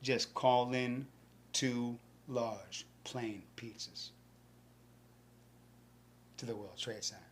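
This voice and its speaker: A man from New York with a New York accent, telling a rambling, profane stand-up story and acting out the voices with sudden whispers and shouts. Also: mid-range voice, extremely slow, pauses often, a little hiss or hum. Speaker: stand-up comedian.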